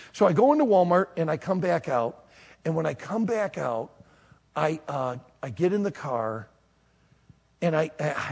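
A male preacher tells a self-mocking story to a live audience in a high, raspy voice with a gravelly edge. His pitch swings wildly from low mutters up to loud, laughing shouts. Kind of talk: storytelling sermon.

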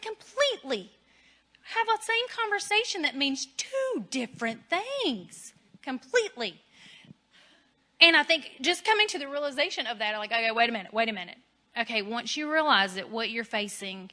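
A woman's voice: fairly high pitch, pushed and bright. A woman giving a casual, candid faith talk on marriage, chatty and laughing at herself. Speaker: Christian speaker on marriage.

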